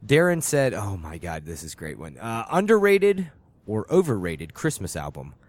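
A man's voice: lowish voice, huge pitch swings, moderate pace, no echo, studio quality. A man co-hosting a podcast, teasing his co-host in profane casual chat and laughing often.

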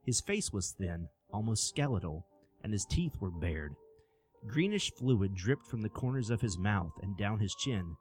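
A man narrating a scripted horror story with an expressive storytelling delivery. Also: lowish voice, measured pace, soft background music.

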